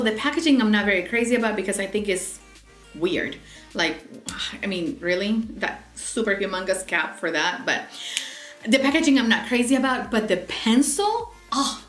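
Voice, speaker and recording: A woman beauty vlogger chats through her favorite products, gushing, repeating herself and restarting sentences. Her voice sits in a mid register and rings around an echoey room at home. Faint music plays underneath. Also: mid-range voice. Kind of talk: casual product review.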